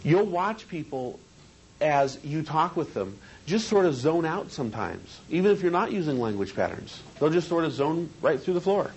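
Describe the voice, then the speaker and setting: A man's voice: a little high, sing-song, normal speed, slight background noise, rough recording. A man teaching a seminar on hypnosis in a training room, talking conversationally and asking the group questions.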